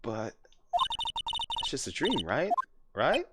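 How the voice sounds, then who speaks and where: A man's voice: medium pitch, wildly swooping pitch, slow, heavy background noise. A man reading as a haunted, grim young prosecutor. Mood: hushed, grim. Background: loud game music.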